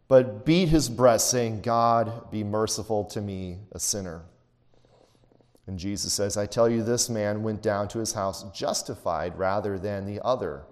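A man preaching a sermon in a mid-range voice, moving between reading scripture and explaining it in plain words. He acts out the people he quotes, putting a snooty tone on the proud ones. His voice carries a long reverb, as in a large hall. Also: mid-range voice. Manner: expository preaching, reads scripture then explains it. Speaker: pastor.

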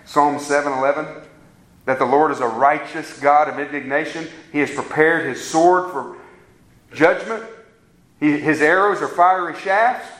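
A man's voice: on the high side, fairly bright tone. Emphatic preaching man, echoey room. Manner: preaching with rising emphatic peaks and slow, drawn-out stresses. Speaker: pastor. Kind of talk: sermon.

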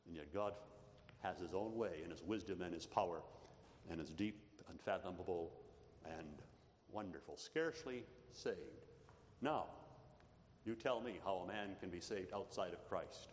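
A man's voice: deep voice, a little slow, pauses often. Male preacher, earnest and emphatic sermon delivery, recorded in a reverberant hall with faint noise. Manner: earnest preaching with rising emphasis and repeated "beloved".

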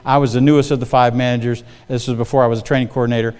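A middle-aged pastor preaches a sermon in a church sanctuary, telling stories and calling on the congregation for amens. His medium-pitched voice is level, rapid-fire, clear and resonant, with a slight mellowness. The recording carries a long hall reverb.

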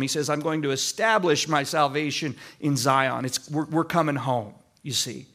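A Midwestern man preaching an expository sermon, slowing to stress scripture and turning to chatty asides to the congregation. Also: fairly high pitch, pushed and bright. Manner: deliberate preaching, slows to stress scripture quotes. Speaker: pastor.

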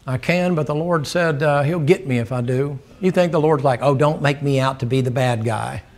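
A man's voice: medium pitch, moderate pace. An older man preaching a sermon, telling a folksy story, laughing and acting out the dialogue.

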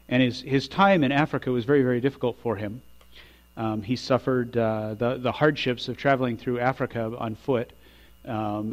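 A middle-aged male pastor delivering a sermon in a mid-pitched voice. He presses his points, growing loud on key phrases and falling quiet after them. The recording is dull and lo-fi, with a mains hum underneath. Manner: emphatic, rising loud for emphasis then dropping low.

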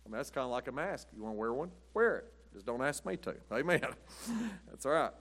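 Preaching in a rambling, folksy way, a man tells stories, chuckles frequently, and often drops in "but anyway." His medium-pitched voice is sing-song, fairly quick, and a bit bright.

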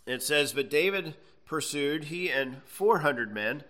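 A man's voice: on the high side, animated, measured pace, pushed and bright. A man teaching a Bible class, reading scripture aloud and explaining it conversationally, often checking in with "okay.".

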